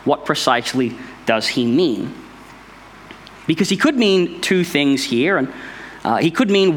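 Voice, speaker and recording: A man's voice: fairly high pitch, big pitch swings, a little slow, long pauses. A man giving an informal Bible study, explaining step by step in a thoughtful, conversational way. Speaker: Bible teacher.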